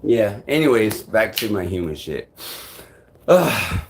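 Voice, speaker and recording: Young male vlogger, slightly low voice, halting and rambling, casual live-stream chat. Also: sing-song, vocal fry, slight background noise. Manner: rambling, halting, swears often, many fillers.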